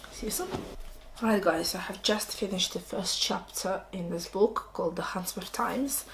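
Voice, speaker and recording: A woman's voice: lowish voice, creaky, a little hiss or hum. A woman casually chatting about books she has just read, enthusiastic and exclaiming, on a camera mic at home. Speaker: book vlogger. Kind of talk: casual book review chat.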